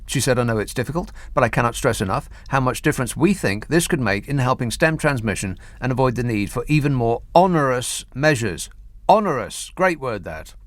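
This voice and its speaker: A man's voice: medium pitch, lively intonation, a little fast, hardly any pauses, no room sound. A man hosting a radio phone-in, delivering mocking political commentary. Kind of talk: talk radio monologue and phone-in. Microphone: studio microphone.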